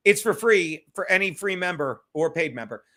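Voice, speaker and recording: A man's voice: sits high, lively intonation, moderate pace, pushed and bright. A male host chatting casually on a livestream, rambling and talking straight to his viewers in the chat. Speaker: podcast host reading live chat.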